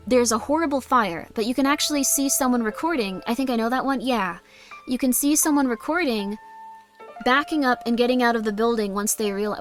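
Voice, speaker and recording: A woman streamer chatting casually on a livestream, rambling and reading chat messages aloud. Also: on the high side.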